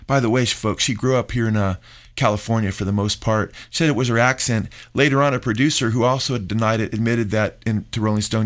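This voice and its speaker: A man's voice: medium pitch, steady tone, fast talker. A middle-aged man, a pastor hosting a radio talk show, preaching emphatically and calling his listeners folks.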